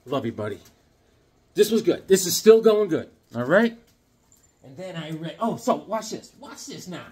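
A man's voice: fairly high pitch, slightly rough. A middle-aged man vlogging about comic books in a rambling, casual way, often acting out the voices of people in his stories.

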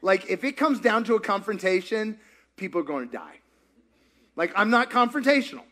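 A pastor runs an interactive church teaching session in a fairly quick, animated, high-pitched voice with a fairly bright tone. Playful and full of jokes, he asks the audience questions and repeats back their answers.

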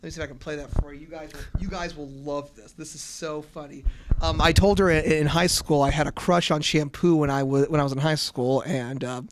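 A young man from Cincinnati, a radio and podcast host, talking excitedly and rambling with many restarts in an interview on a convention floor, holding a handheld mic. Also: on the high side, fairly quick, a little hiss or hum. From Cincinnati, USA. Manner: energetic, rambling, with repeated restarts. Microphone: shared handheld mic.

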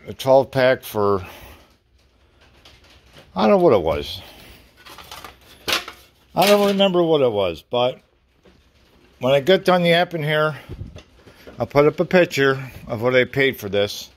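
A man's voice: medium pitch, sing-song, a little slow, long pauses, slight background noise. A middle-aged man rambling casually in his home garage while working on tools, with mild cursing along the way, recorded on a phone. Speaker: garage vlogger. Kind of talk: casual workshop chat. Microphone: phone camera.

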